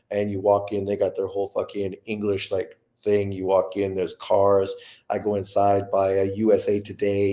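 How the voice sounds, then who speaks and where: A man's voice: on the low side, mellow. A man in his fifties telling rambling, profane stories in a casual livestream chat. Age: 50s. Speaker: boxing livestream host.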